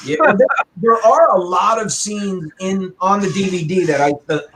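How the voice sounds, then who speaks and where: A man telling a story with animation and a loud, bellowing voice at times, as a guest on a talk show. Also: high voice, moderate pace. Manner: loud, bellowing when acting out his anger. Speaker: arcade owner and guest.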